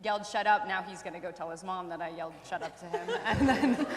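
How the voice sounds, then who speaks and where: Higher-voiced young woman telling stories. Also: moderate pace, few pauses, a crowd in the background. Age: 20s. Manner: lively storyteller who acts out quoted lines. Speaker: teacher on an alumni panel. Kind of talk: casual storytelling. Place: campus event room. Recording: echoey hall with faint noise.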